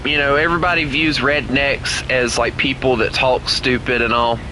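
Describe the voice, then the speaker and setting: A man's voice: medium pitch, moderate pace, slight background noise, rough recording. A man giving casual, joking commentary while playing a game with a friend. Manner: joking, animated banter with a friend. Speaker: gaming streamer.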